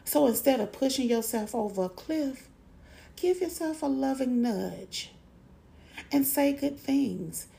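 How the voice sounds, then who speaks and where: Gravelly slow-talking woman podcaster. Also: high voice, lively intonation, mellow. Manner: encouraging, affirmations repeated slowly. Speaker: podcast host. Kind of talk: motivational podcast talk.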